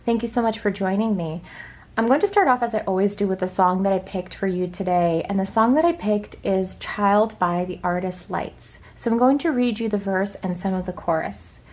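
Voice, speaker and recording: A woman reading tarot for her viewers in a gentle, reassuring, slow and measured way. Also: medium pitch. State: choked up. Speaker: tarot reader. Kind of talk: pick-a-card tarot reading.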